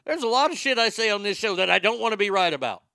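A man's voice: sits high, animated, fast, gravelly, sharp tone, no room sound, studio quality. A male show host delivering profane, sarcastic political commentary, with boastful asides.

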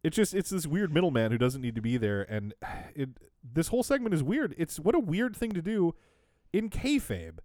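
Wry man with a lively voice. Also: on the high side, moderate pace, dry recording. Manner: sarcastic, wry, laughs often. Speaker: podcast co-host. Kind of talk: casual recap chat.

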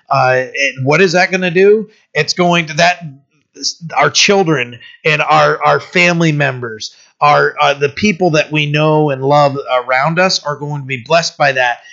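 A man's voice: a little high, a bit bright. A middle-aged man from the United States, a pastor giving an informal, storytelling sermon in a loose, personal way. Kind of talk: conversational sermon. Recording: dull lo-fi recording.

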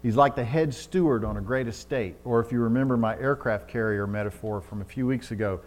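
A male preacher with a middle-range voice delivers a sermon in an easy, talky manner. He acts out little scenes with quoted voices and swells into loud, urgent emphasis at key points. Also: mid-range voice, a little fast.

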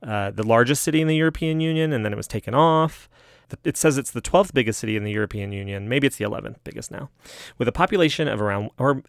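Man, gravelly voice, casual rambling commentary, chatty, self-deprecating, dry close sound. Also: mid-range voice, dry recording. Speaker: solo host reading aloud.

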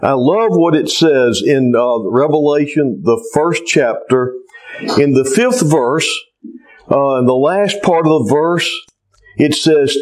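A man giving a sermon as pastor, telling a story in an unhurried way before turning to scripture. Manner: unhurried storytelling with lively pitch.

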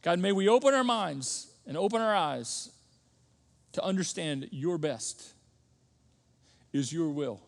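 A man with a high voice preaches in a large church auditorium, and his words ring out with a long hall reverb. He talks emphatically and restarts phrases often, and his volume swings up into sudden loud peaks. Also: animated, slow pace, creaky, long pauses. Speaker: pastor. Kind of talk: sermon.

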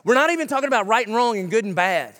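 A middle-aged man preaching in a church, his voice sitting on the high side for a man. He jokes and punches out quick lists. The sound rings with a long reverb from the big room. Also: expressive, a bit bright. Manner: joking, punchy preaching with rapid-fire lists. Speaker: pastor. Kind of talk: sermon. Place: church sanctuary.

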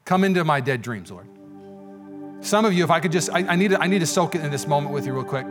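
A man preaching a sermon in a church, keeping it casual and peppered with quick "okay?" checks to the room. His voice sits somewhat high for a man. Soft music plays faintly underneath. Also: animated. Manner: conversational, lots of "okay?" asides. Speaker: pastor. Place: church sanctuary.

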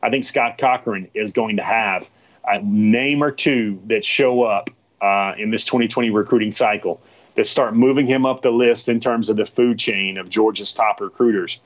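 A man's voice: lowish voice, moderate pace, highs cut off. A man hosting a live stream, talking casually to his viewers in a rambling, chatty way that often repeats itself.

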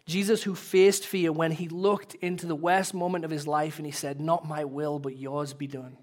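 A man's voice: on the high side, level tone, moderate pace. Earnest emotional male pastor. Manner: earnest, emotional, swells louder then drops soft. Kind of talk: sermon and closing prayer.

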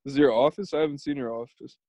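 A man's voice: medium pitch, fairly even intonation, quick pace, warm tone. A man in casual chat, listening and answering with short, teasing replies.

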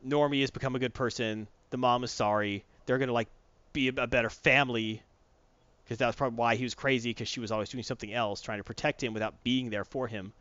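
A man's voice: mid-range voice, steady tone, fast talker, a bit bright, smooth, no echo, lo-fi sound. A man in casual chat, recapping a comic book plot with mocking put-on voices for the characters. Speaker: comic book podcast co-host.

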